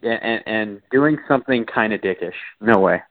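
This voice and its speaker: A man's voice: fairly low pitch, animated, moderate pace. A man co-hosting a sports radio show, firm and keeping the talk on track. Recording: tinny phone-like sound.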